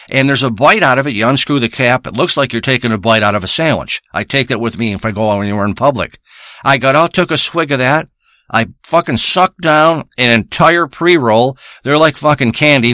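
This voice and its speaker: A man's voice: medium pitch, sharp tone, dry recording, clean studio sound. A man playing a crude rambling backwoods braggart. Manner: profane, rambling and boastful. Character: crude rambling male backwoods treasure hunter. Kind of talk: improvised comic character monologue.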